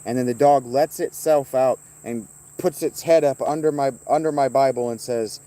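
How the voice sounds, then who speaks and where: Mellow-voiced man taunting his chat. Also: mid-range voice, moderate pace, hardly any pauses. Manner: profane, taunting viewers by name, rambling. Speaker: streamer reading chat. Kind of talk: casual livestream chat.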